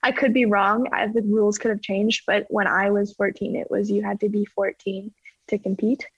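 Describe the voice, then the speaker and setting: A woman talking casually as an interview guest, full of fillers like "like" and acting out her own quotes in a higher voice. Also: little pitch movement, moderate pace, breathy edge, dry recording, muffled recording. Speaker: guest athlete.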